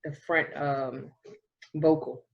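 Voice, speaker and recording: A woman's voice: low-pitched, fairly even intonation, slow pace, creaky, highs cut off. A woman co-hosting a podcast in casual chat, explaining things at length and breaking into bits of song. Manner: explains things at length, sings snatches of songs. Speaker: podcast co-host.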